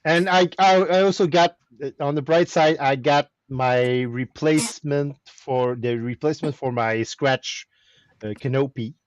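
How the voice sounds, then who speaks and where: A man's voice: a little high, measured pace, dry recording, lo-fi sound. A man with a French Canadian accent, telling a story in a casual chat with many restarts. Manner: animated storytelling with repeated restarts. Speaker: host of a weekly chat stream.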